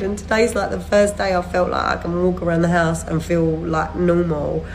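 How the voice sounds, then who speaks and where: A woman's voice: lowish voice, steady tone, moderate pace, gravelly, few pauses, a little hiss or hum, poor audio. A woman in her thirties chatting to her followers on a phone video, rambling and laughing mid-sentence, worn out from a recent illness. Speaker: vlogger updating followers. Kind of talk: casual chat to camera.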